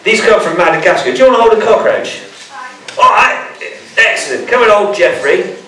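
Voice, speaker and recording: High-pitched, brisk and sharp-toned, a man plays the jesting showman as he runs a live bug show in a school hall for an audience. His expressive delivery echoes around the room, captured by a distant microphone.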